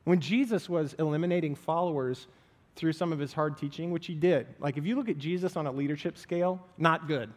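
A man with a high voice gives a casual, lively sermon as pastor, acting out the voices he quotes. His words ring with the long reverb of a hall. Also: a little fast.

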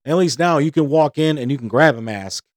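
Male host, slightly high voice, dry close sound; casual, profane storyteller who acts out dialogue. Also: animated, fairly quick, dry recording. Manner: profane, heated, acts out both sides of conversations. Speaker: podcast host.

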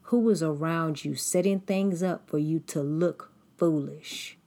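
Low, slow, husky woman preaching. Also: warm tone. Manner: deliberate, emphatic, repetitive preaching cadence. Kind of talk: sermon.

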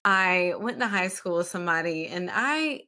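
A woman's voice: fairly low pitch, expressive, moderate pace. Reflective woman hosting a faith podcast. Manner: reflective, soft, searching for words. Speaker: podcast host. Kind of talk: casual faith podcast chat.

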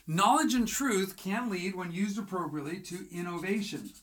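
A writing coach teaches in a motivational style, with a bright and forceful voice. The delivery is energetic. The coach asks the listener rhetorical questions and acts out little conversations. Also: mid-range voice, normal speed.

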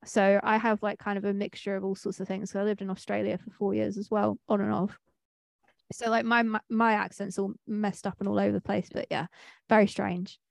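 A woman's voice: medium pitch, level tone, brisk, gravelly, no echo, clean studio sound. A woman from Manchester co-hosting a podcast, chatting casually and rambling with lots of fillers and restarts. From Manchester, England. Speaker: podcast co-host. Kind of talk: casual chat.

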